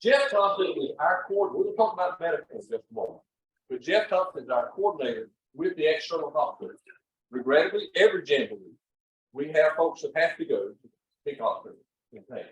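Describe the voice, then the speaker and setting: A man's voice: fairly high pitch, animated, fast talker. A man in his seventies leading a training session as chaplain leader, talking in a rambling, folksy way full of uh's to an audience in a meeting room. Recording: echoey room, from far off.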